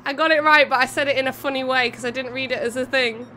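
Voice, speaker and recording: A woman's voice: high-pitched, steady tone, quick pace, hardly any pauses, pushed and bright, a little hiss or hum. A young woman streamer commentating a racing game event and chatting with viewers in a bubbly, giggly way. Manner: bubbly, giggly, chats to viewers between calls. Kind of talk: live race commentary and chat.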